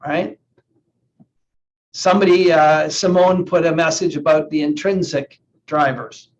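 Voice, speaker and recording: Earnest higher-voiced male coach. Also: fairly even intonation, measured pace. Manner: earnest, repeats words while thinking. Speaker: NLP coach. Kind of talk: live online coaching session talk. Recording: slightly dull lo-fi sound with faint hiss.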